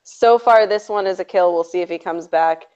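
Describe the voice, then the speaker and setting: A woman's voice: mid-range voice, normal speed, a little mellow, smooth. A woman hosting a stream in casual chat, sarcastic and chatty, laughing often. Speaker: stream host. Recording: dull lo-fi audio.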